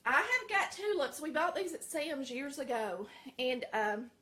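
A middle-aged Southern woman with a Southern American accent chats in a folksy way to viewers in a casual vlog shot in her home kitchen. Her voice sits high and sounds bright and forceful, and she takes her time.

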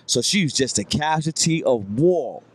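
Animated and fairly high-pitched, a man delivers stand-up at a moderate pace on a comedy club stage. His story rambles along with repeated lines and quotes he gives voice to.

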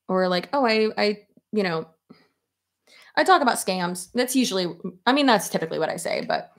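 A woman's voice: fairly low pitch, lively intonation, normal speed, vocal fry. A woman in her thirties chatting casually at her desk while doing her hair, rambling and laughing often. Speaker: YouTuber. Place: home office at her desk.

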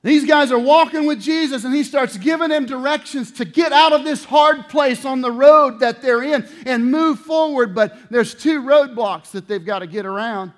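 High, animated preacher man. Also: normal speed, few pauses. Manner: animated, acts out voices and swings from loud to low. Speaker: pastor. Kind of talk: sermon.

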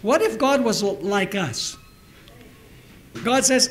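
High-voiced male pastor preaching. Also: expressive, slow, long pauses, slight background noise, poor audio. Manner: preaching with rhetorical questions, reading scripture aloud. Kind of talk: sermon. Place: church.

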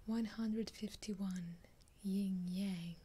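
A woman's voice: medium pitch, steady tone, very slow, dark tone, slight background noise. A woman with a Russian accent whispering an ASMR video, reading a numbered list with dry, amused asides. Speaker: ASMR creator.

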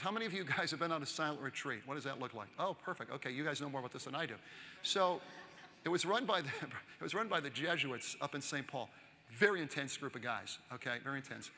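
A man's voice: fairly high pitch, pushed and bright, slight background noise. A man in his sixties giving a chatty, storytelling keynote talk and asking the audience questions. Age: 60s. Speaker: keynote speaker. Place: large conference hall. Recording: long hall reverb.

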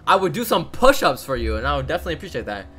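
Bright-voiced young man streaming a game. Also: a little high, racing. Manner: excitable trash talk with slang. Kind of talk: casual gaming chat.

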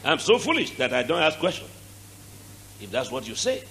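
A middle-aged man with a Nigerian accent preaching a sermon, animated, with sudden shouted bursts and dramatic drops in volume. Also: on the high side, normal speed, creaky, a little hiss or hum, rough recording. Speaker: archbishop.

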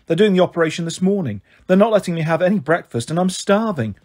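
A man voicing a hurried, affectionate mother calling her children from a hospital bed. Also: sits high, lively intonation, a little mellow. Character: hospitalised mum, warm and hurried.

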